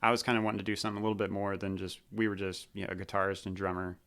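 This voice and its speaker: A man in his thirties from Missouri talks in a loose, rambling way full of fillers. His voice sits low but sounds bright and crisp. He tells stories easily, like a guest recalling old times. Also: level tone, racing. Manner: rambling, laid-back storytelling with fillers. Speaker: guest, former drummer. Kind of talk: casual interview chat.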